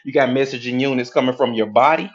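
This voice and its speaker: A man coaching on mindset, lecturing at a whiteboard in an animated way and acting out inner voices with casual profanity. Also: mid-range voice, quick pace, dull audio. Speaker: hypnotherapy coach.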